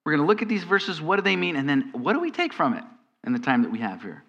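A male pastor delivers a sermon, talking it through in a conversational way and landing on emphatic questions. His voice sits a little high and sounds bright and forceful. The long reverb of a church hall trails after each phrase. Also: wildly swooping pitch, fast talker, highs cut off.

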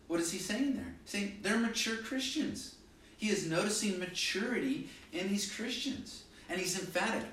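Emphatic preacher in an echoing hall. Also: male voice, animated, normal speed, a bit bright, a little hiss or hum. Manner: emphatic, varies pitch and volume for stress. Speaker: pastor. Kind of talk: sermon. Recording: very echoey hall, mic from a distance.

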